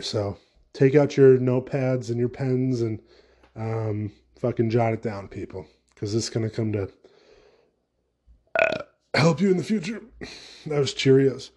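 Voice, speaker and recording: Man, solo podcast host, casual rambling rant, profane, sarcastic, warm relaxed tone. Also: medium pitch, husky.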